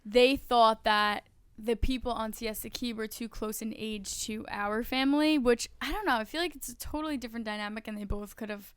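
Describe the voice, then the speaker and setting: A woman's voice: fairly high pitch, steady tone, brisk, a bit bright, smooth, no echo. A young woman co-hosting a family podcast, chiming in and laughing in casual chat. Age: young adult. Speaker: podcast co-host, daughter.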